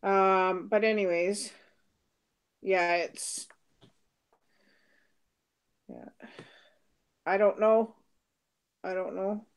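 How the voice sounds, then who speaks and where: A woman's voice: medium pitch, steady tone, very slow, long pauses, smooth. A middle-aged British-born woman without the accent, co-hosting a casual live stream, chatting and laughing as she answers viewer comments. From Britain. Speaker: co-host reading viewer comments.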